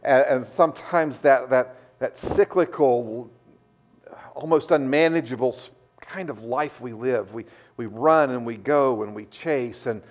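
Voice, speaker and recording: A middle-aged man preaching a sermon, repeating words as he restarts, telling stories in a lively way. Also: medium pitch, a little slow. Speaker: pastor.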